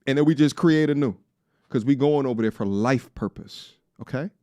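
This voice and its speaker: A young man in casual podcast chat, playful and animated, slipping into high excited rants. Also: normal speed, no echo. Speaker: podcast co-host.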